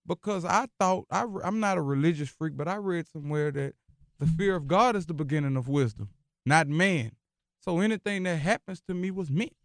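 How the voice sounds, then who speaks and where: A man's voice: a little high, fairly quick, dry recording, studio quality. A man, a rapper being interviewed on the radio, talking in an emphatic, philosophical way and repeating himself for stress. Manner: emphatic, philosophical, repeats phrases like "you hear me". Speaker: rapper guest. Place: radio studio. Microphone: studio microphone.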